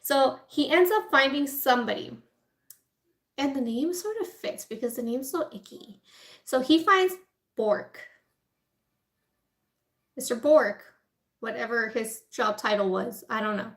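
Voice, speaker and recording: A woman's voice: fairly high pitch, lively intonation, measured pace, long pauses. A woman food vlogger telling a story in a casual, chatty way, full of "like" and "right?", and acting out people in quoted asides. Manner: chatty, informal, lots of "like" and "right?". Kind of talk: casual storytelling while eating.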